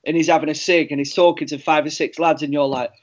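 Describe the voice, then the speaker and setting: A man whose voice sits high for a man, co-hosting a relaxed podcast chat with rambling, easygoing stories. The sound is dull and lo-fi. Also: quick pace, a little hiss or hum. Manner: easygoing, rambling anecdotes, laughs often. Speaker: podcast co-host. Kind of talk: casual chat.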